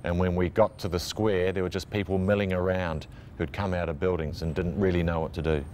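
A New man, a reporter, describing a scene in a steady, vivid way. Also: low voice, a little fast, a little hiss or hum. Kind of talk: documentary interview recollection.

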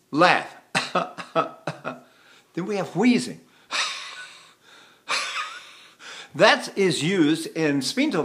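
An older man teaching voice, his speaking tone sitting a little high for a man. He talks in a relaxed, folksy manner and keeps stopping to hum or sing short syllables to show what he means. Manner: demonstrates hums and sung syllables mid-explanation; chatty, folksy asides. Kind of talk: vocal lesson with demonstrations.

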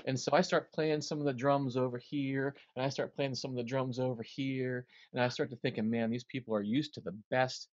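A man's voice: mid-range voice, fairly quick, few pauses, no room sound. A man tells a stage story as an interview guest, acting out the other voices as he goes. His voice sits in the middle range. The sound is dry and a little dull. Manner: animated storyteller, acts out quotes.

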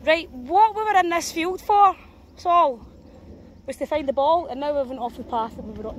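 A woman's voice: fairly high pitch, fairly quick. Casual woman, dog-walk vlog, rambling and wry, faint outdoor hiss. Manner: chatty, self-mocking, talks to her dogs. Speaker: dog walker vlogger. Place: outdoors in a field.

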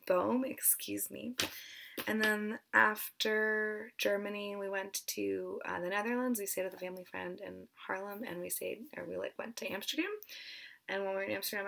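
A woman talks casually as a book vlogger, her mid-pitched voice full of gravelly vocal fry. She sounds a little out of breath and hesitant, tripping over names and slipping into whispered asides. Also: a bit bright. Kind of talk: casual chat.

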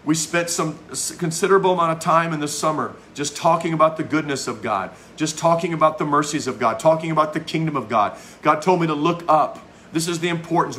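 A man's voice: a little high, bright, forceful tone. A man, a pastor, preaching a fervent sermon with emphatic repetition.

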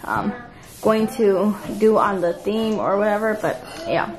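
This casual apartment tour comes from a woman filming on her phone as she moves around, rambling and laughing lightly between ums. She talks unhurriedly at medium pitch with fairly even intonation, over crowd noise in a rough recording.

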